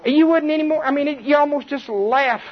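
A middle-aged man preaching to a Bible study group in a lively, conversational way, with chuckles and repetition. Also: very high-pitched, fairly quick. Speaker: pastor. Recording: dull muffled recording.

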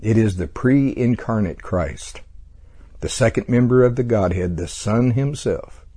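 A man's voice: fairly low pitch, dark tone, breathy edge. A man teaching a casual Bible study lesson, talking in a conversational way with frequent fillers and small chuckles.

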